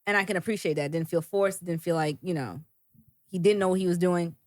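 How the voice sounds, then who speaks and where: Female podcast co-host, sassy casual talker, lowish voice. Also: a little fast, no room sound. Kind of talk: casual chat.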